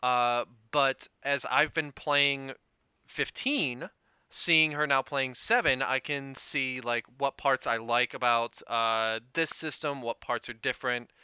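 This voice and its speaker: Male podcast co-host, bright and smooth, chatty and quick, a bit stuffy from a cold, dry remote mic. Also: medium pitch, dry recording. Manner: chatty, lively, quick bursts. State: head cold. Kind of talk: casual chat. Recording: dry, slightly dull remote stream.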